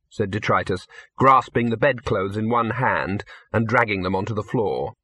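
A man reading an audiobook, telling the story in a wry, lively way. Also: lowish voice, moderate pace, dry recording. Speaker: audiobook narrator.

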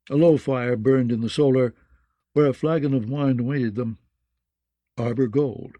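A man narrating a fantasy audiobook in a measured, descriptive way, close to the mic. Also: mid-range voice, dark tone, no room sound, muffled recording.

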